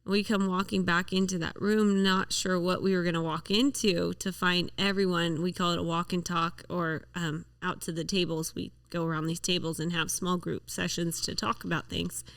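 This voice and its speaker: A woman co-hosts a podcast in frank, chatty conversation. Her voice has a gravelly, fry-heavy edge. The recording is dry and close, with no room sound. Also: fairly low pitch, level tone, normal speed, few pauses, a bit bright, no room sound, distant mic. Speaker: podcast co-host. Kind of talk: casual chat.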